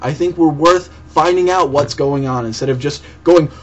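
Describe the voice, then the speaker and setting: A young man with a fairly high voice delivers a profane, heated, sarcastic rant in reply to a commenter, with faint hiss behind him. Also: normal speed, highs cut off. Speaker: vlogger answering a commenter. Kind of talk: angry video rant.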